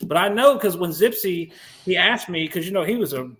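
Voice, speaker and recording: A man in his forties, a Marine veteran, hosting a podcast and telling animated, profane war stories in casual chat. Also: high-pitched, fairly quick. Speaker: podcast host.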